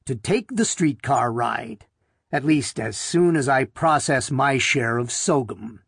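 A man's voice: medium pitch, lively intonation, gravelly, fairly bright tone, breathy edge, no room sound, studio quality, exaggerated voice. A man reading a story aloud, voicing a grouchy, disheveled man who muses to himself. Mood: musing. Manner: musing, unhurried.

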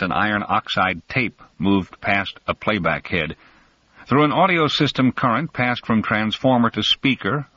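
A man reading a story aloud in scripted narration, measured and deliberate, leaning on key words. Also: lowish voice, a bit bright. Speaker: audiobook narrator. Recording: dull lo-fi recording.

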